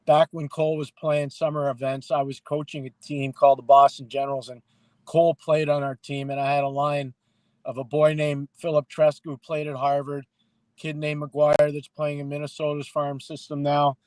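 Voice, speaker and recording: Animated middle-aged man analyzing hockey. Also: a little high, dry recording. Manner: animated storyteller, acts out quoted people. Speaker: hockey analyst and podcast co-host. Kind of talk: casual podcast talk.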